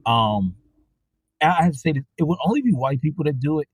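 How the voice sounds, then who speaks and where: Animated husky-voiced storyteller. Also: male voice, quick pace, dry recording. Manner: animated, profane, voice jumps high when reenacting reactions. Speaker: podcast host. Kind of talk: casual storytelling monologue.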